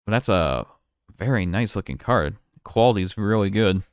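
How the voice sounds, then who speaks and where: Lower-voiced man, smooth and clear, dry close sound, easygoing card-opening chatter. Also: normal speed, no room sound. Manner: relaxed, chatty, thinking aloud with fillers and restarts. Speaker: card collector streamer. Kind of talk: casual unboxing commentary.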